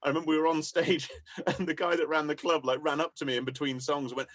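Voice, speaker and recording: A man's voice: on the high side, flat delivery, fast, a bit bright, no room sound. A man telling enthusiastic, rambling anecdotes about his music career in a casual interview, laughing often. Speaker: musician guest.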